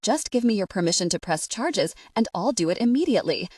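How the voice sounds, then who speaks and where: A woman's voice: mid-range voice, sing-song, a little fast, a little mellow, dry recording, clean studio sound, distant mic. A woman voicing a distraught, furious middle-aged mother who scolds through tears, pushy and harsh.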